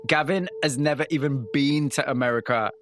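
A man presenting a radio show, narrating a script and interviewing a guest in a measured, empathetic way. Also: medium pitch, a bit bright, a little hiss or hum.

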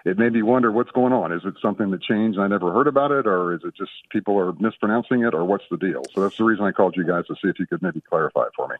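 A deep-voiced man in his fifties, calling in from Florida, tells his story with chatty earnestness. His voice comes over a thin, tinny phone line from a distance, slightly husky. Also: racing, hardly any pauses, dry recording. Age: 50s. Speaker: caller. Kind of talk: call-in radio question.

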